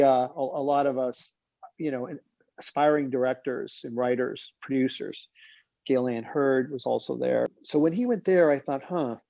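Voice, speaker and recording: Gravelly man telling film stories. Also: mid-range voice, no echo. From United States. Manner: rambling, animated, acts out quoted dialogue. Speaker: film director and producer. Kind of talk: casual anecdotal storytelling. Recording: dull lo-fi sound.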